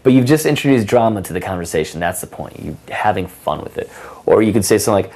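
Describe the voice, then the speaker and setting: A man with a low voice explains dating tips in a loose, casual coaching talk. He fills his sentences with um and you know. When he acts out example lines, his voice leaps up with sudden energy. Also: fast talker. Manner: animated, acts out example lines with big pitch jumps; many fillers like um and you know.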